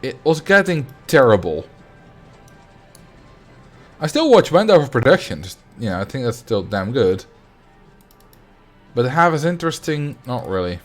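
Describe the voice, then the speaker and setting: A man's voice: medium pitch, sing-song, unhurried, long pauses, faint music behind. A young adult man streaming a game, chatting casually and rambling as he answers his viewers. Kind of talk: casual livestream chat while playing.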